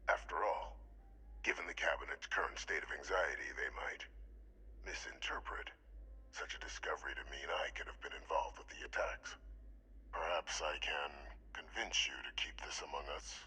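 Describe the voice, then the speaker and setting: An actor playing a smooth, scheming male government official in a video game, polished and quietly persuasive. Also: extremely low pitch, steady tone, moderate pace, whispered, heavily acted, low-quality recording. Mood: evasive.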